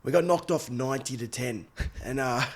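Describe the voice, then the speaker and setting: A man's voice: mid-range voice, moderate pace, darkish tone, breathy edge. An Australian man in his thirties, a podcast guest telling stories in casual, slangy chat and laughing often. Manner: laid-back storytelling, slangy, laughs often. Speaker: podcast guest, former rugby league player.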